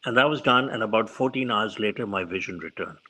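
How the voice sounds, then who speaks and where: A man's voice: lowish voice, quick pace, poor audio. A man, a physician telling stories as an interview guest and acting out the voices he quotes. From India. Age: 70s. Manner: animated storyteller who acts out quoted voices. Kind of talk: storytelling in an interview.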